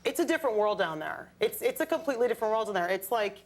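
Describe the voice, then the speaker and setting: A young woman telling stories as a guest on a late night talk show, in a chatty, animated way. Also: on the high side, rapid-fire. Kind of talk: casual chat. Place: television studio with audience. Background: studio audience.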